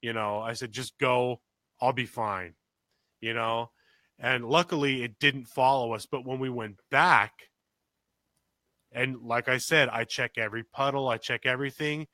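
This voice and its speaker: Guy telling a wild hiking story, bright forceful voice, dry close mic, jumps high when quoting people. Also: normal speed, dry recording. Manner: animated storyteller, acts out quotes with big pitch jumps; swears casually, many restarts. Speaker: podcast co-host. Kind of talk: casual storytelling chat.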